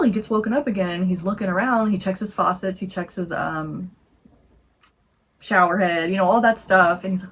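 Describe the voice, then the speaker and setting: A woman co-hosting a podcast, telling a campfire scary story in a rambling, animated way and acting out the voices. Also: mid-range voice, fairly quick, low-quality recording. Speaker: podcast co-host. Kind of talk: casual storytelling chat.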